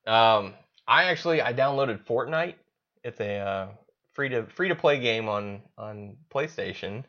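A man's voice: medium pitch, animated, unhurried, pushed and bright, lo-fi sound. A man co-hosting a podcast, chatting casually, easygoing and joking. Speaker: podcast co-host. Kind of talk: casual chat.

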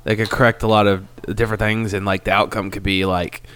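A man in his thirties co-hosting a podcast in casual chat, animated and given to bursts of loud mocking impressions. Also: on the low side, quick pace, clear, resonant tone. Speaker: podcast co-host.

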